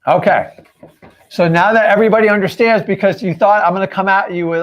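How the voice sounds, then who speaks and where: A real estate coach teaches in a live stream, his voice sitting high with a steady tone and brisk delivery on lo-fi sound. He's punchy and emphatic, firing rhetorical questions at viewers.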